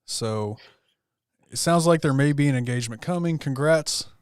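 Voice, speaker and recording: A man hosting a livestream, chatting in a relaxed, conversational way with his guest. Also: a little high, moderate pace, clean tone. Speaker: livestream host. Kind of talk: casual livestream chat.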